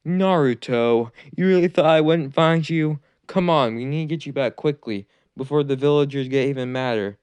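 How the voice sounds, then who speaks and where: A man's voice: on the high side, fairly quick, pauses often, clean tone, no room sound, voice pushed up, natural voice. A man voicing a protective male ninja teacher who calls out urgently in a fan-made anime story. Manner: urgent, shouting out.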